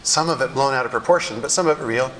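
A middle-aged male pastor telling stories in a sermon, animated and wryly self-deprecating. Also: mid-range voice, quick pace, a little hiss or hum, rough recording. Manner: animated storyteller with wry self-deprecating humor. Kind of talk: sermon storytelling.

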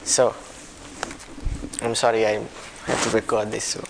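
A man leading a small discussion group, talking in a soft, apologetic way with many restarts. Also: lowish voice, flat delivery, a little slow, creaky. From a warm-climate country. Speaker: discussion leader. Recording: background noise.

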